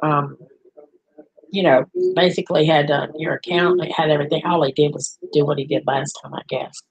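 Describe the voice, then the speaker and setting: A woman's voice: sits low, steady tone, brisk, breathy edge, rough recording. An older woman, a grandmother hosting a rambling, casual livestream chat with her viewers. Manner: chatty, rambling, talks to viewers and pets. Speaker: livestream host.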